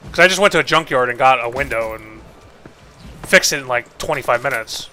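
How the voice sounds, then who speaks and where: A man's voice: mid-range voice, lively intonation, brisk, pushed and bright, slight background noise. A man streaming a game and telling a story in a rambling, casual way. He swears freely, leans on "like," and acts out both sides of every exchange he describes. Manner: rambling, profane, leans heavily on 'like'. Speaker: streamer and host. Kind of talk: casual storytelling while gaming.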